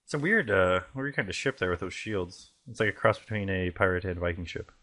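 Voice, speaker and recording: A man's voice: low-pitched, expressive, a little fast, bright, forceful tone, no room sound. A man playing a game and chatting casually, curious and wry. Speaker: let's play player.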